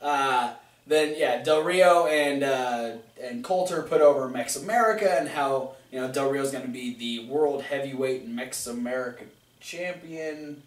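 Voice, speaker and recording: A man's voice: mid-range voice, unhurried, recorded from a distance. A man casually recapping wrestling with a co-host, retelling scenes and mimicking the wrestlers' lines. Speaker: podcast co-host. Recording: echoey room, voice off-mic.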